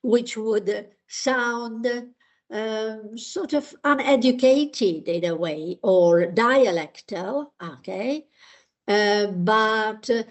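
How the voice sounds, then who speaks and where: Slow-speaking woman teaching pronunciation. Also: medium pitch. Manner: patient, explains with many pauses and fillers. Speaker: language teacher. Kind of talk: online language lesson with repeat-after-me drills.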